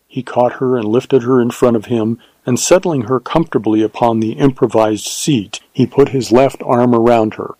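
Mellow male audiobook narrator. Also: mid-range voice, dry recording, poor audio. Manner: measured, even storytelling. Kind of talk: scripted narration of a western novel.

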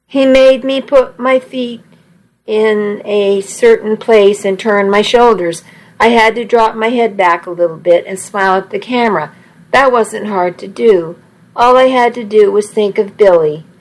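A woman's voice: medium pitch, a little slow, low-quality recording. A woman reading a first-person story aloud, with small slips and restarts as she goes. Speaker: narrator.

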